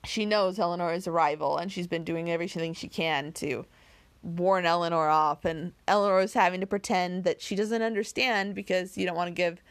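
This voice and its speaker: A woman's voice: lowish voice, steady tone, fairly quick. Woman, reading a novel aloud, chatty, rambling, self-deprecating. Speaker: reader of an audiobook series.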